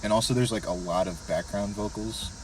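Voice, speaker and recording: A young man co-hosting a casual podcast, reviewing songs in a profane, rambling, animated way. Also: on the low side, a little fast. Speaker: podcast co-host. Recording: distant mic with faint background noise.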